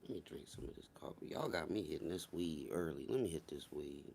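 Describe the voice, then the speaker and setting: A man hosting a casual livestream, joking and profane, swinging between loud shouts and low mutters. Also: lively intonation, brisk, vocal fry, slight background noise. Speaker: livestream host.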